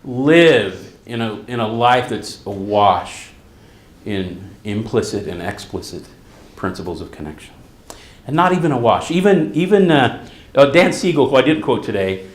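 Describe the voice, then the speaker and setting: A middle-aged therapist gives a conference hall talk at a slightly slow pace, his medium-pitched voice ringing in an echoey room. He tells stories animatedly and acts out the quotes.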